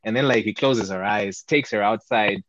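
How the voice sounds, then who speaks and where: A man's voice: lowish voice, moderate pace, no echo. A young Zimbabwean man co-hosting a podcast, telling a rambling story in casual chat. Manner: rambling storyteller, animated when retelling. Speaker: podcast co-host. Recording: dry, slightly muffled podcast audio.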